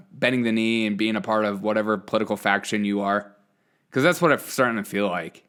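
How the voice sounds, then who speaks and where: A man's voice: medium pitch, a bit bright, clear, resonant tone. A man hosting his own show, talking through his views in a rambling monologue full of fillers and restarts. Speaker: show host. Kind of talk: casual opinion monologue.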